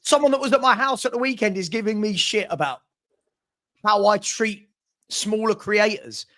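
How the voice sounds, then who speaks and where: Frustrated stammering man, high voice. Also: normal speed, pushed and bright. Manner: frustrated, repeats himself, stammering restarts. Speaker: fan channel host. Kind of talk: heated live chat.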